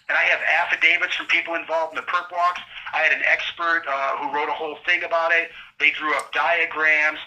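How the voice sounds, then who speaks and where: A middle-aged man telling his own story of his trial in an animated, indignant way, acting out what guards and judges said. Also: a little high, rough recording. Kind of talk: passionate conversational account.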